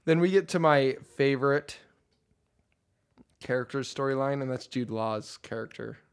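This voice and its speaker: A man co-hosting a casual movie podcast, rambling and animated as he talks. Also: mid-range voice, moderate pace, clear, resonant tone. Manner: rambling, animated, laughs often. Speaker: podcast co-host.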